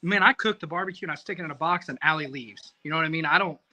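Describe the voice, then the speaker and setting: A man telling a rambling, profane story in casual podcast talk, animated and self-mocking. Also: fairly high pitch, very fast, poor audio. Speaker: competition barbecue cook, podcast guest.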